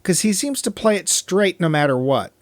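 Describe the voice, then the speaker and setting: A man co-hosting a movie podcast, talking in a casual, rambling way with quick asides. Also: high-pitched, expressive, dry recording. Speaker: podcast co-host.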